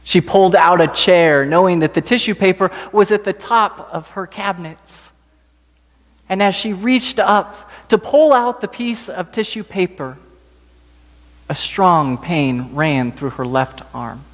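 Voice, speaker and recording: Slow-telling pastor in a reverberant church. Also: male voice, high-pitched. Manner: slow, gentle storytelling. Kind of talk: storytelling sermon. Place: church sanctuary.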